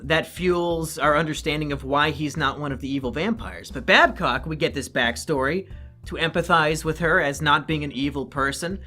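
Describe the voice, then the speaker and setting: Profane, sarcastic male reviewer, bright voice. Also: fairly high pitch. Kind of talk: comedic review commentary.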